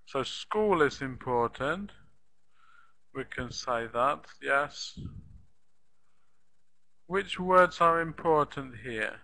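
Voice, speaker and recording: Slow, bright-voiced male English teacher. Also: medium pitch, expressive, rough recording. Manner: slow, deliberate, repeats sentences for learners; claps out rhythm with "da da da". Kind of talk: live online language lesson.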